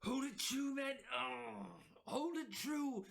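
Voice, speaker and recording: A man voicing a gruff, grumbling male airship pilot who shouts orders and curses in a tabletop game. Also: extremely high pitch, slow pace, voice pushed up, full character voice. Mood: urgent. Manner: shouting orders, cursing, exasperated.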